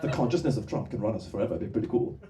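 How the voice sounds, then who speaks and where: A man's voice: fairly low pitch, animated, racing, reverberant. A man doing a stand-up comedy set on a club stage, rambling through tangents and laughing at his own jokes. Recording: distant mic, noisy live room.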